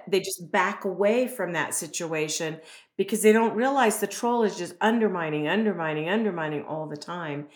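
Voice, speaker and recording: A woman's voice: mid-range voice, normal speed. Earnest woman explaining, roomy sound. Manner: earnest, explanatory, uses rhetorical "right?" and "you know". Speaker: guest expert on self-esteem. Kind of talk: conversational podcast explanation. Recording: roomy echo.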